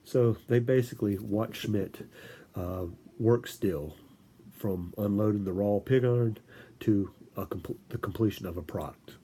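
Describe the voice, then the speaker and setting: A man giving an informal lecture, halting, with frequent restarts and filler words. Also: lowish voice, slight background noise. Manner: animated storytelling with acted-out quotes.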